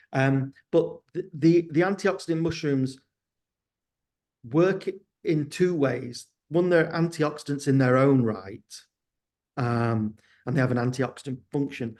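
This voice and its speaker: A man with a medium-pitched, darkish voice answers interview questions as a guest and company founder. He's hesitant but candid, frequently restarting his sentences.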